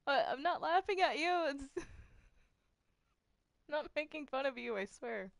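A woman's voice: high-pitched, lively intonation, unhurried, gravelly, dry recording, full character voice. A woman voicing a nervous young female cartoon angel who stammers and apologizes in a flustered way. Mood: pleading. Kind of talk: fan voice roleplay.

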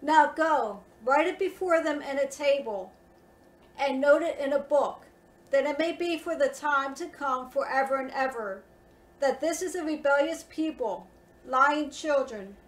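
A woman with a high voice reads scripture aloud in a measured, formal cadence. Her voice sounds distant and echoes around a roomy space. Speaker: scripture reader. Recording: roomy echo, distant from mic.

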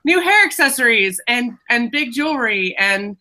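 Chatty bright-voiced woman co-host. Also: fairly high pitch, expressive, normal speed. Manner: chatty storyteller, rambling asides. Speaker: book club co-host. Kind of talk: casual video chat.

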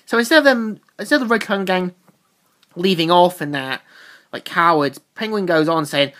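A woman talks through a comic's plot in a loose, casual recap, circling back and restarting her sentences as she goes. Her voice is fairly low for a woman. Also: expressive, normal speed, fairly bright tone. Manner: rambling retelling with loose restarts. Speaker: comic book reviewer.

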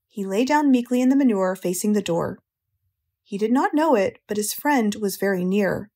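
An American woman narrating a children's audiobook in a slow, clear, gentle way. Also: medium pitch, expressive. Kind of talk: storybook narration.

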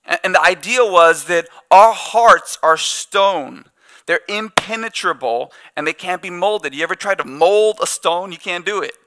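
A man's voice: sits high, measured pace, a bit bright. A male pastor preaching a sermon in a conversational way, with joking asides and playful quoted back-and-forth. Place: church.

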